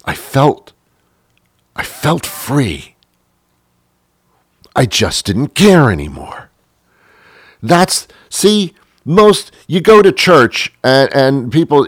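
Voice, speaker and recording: A man's voice: medium pitch, big pitch swings, drawn-out words, long pauses, no room sound, clean studio sound. A middle-aged man hosting a show, delivering a wry, rambling comic monologue with mock-biblical asides. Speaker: show host.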